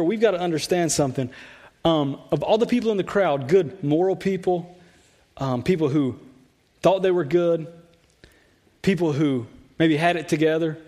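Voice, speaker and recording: A man's voice: high-pitched, a little mellow. A man preaching a sermon to a church congregation in a loose, conversational way, often repeating words and saying "like". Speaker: pastor. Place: church sanctuary.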